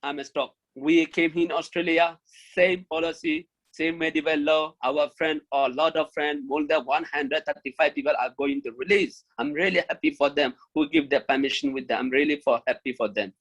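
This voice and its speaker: Pleading man from Myanmar, halting English. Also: fairly high pitch, steady tone, a bit bright, rough recording. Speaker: refugee speaker. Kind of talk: speech at an online launch event.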